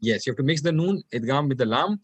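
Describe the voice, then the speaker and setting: A man's voice: medium pitch, lively intonation, quick pace, rough recording. A man teaching an online class, explaining grammar patiently and repeating practice phrases aloud over a video call. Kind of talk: online Quranic Arabic class.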